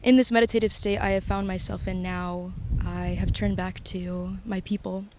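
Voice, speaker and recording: Flat-voiced young woman, halting and reflective. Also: mid-range voice, a little hiss or hum. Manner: reflective, halting, with long pauses and restarts; emotional and earnest. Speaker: vlogger. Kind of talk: confessional personal vlog.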